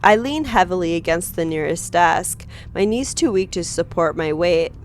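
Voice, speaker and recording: A woman streamer reading a visual novel aloud with dramatic, expressive narration, breaking in with her own reactions. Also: fairly low pitch, moderate pace, slight background noise. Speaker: game streamer.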